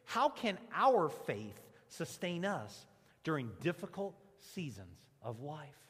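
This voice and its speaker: Animated pastor in an echoey church. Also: male voice, on the high side, slow, husky. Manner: animated, conversational preaching with the congregation repeating lines. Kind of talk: sermon. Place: church sanctuary. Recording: long reverb of a church hall.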